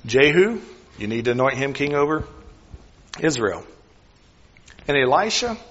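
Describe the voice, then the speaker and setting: Male preacher as God: hushed, tender, fatherly, slightly husky voice, muffled recording in a long-reverb hall. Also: a little high. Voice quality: soft and hushed. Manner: tender, reassuring, close and personal.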